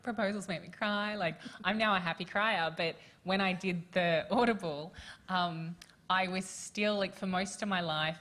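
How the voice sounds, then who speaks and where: Low-voiced woman, candid and emotional. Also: fairly bright tone. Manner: frank and emotional, with many fillers and laughs. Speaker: author on a festival panel. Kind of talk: candid conversational panel talk.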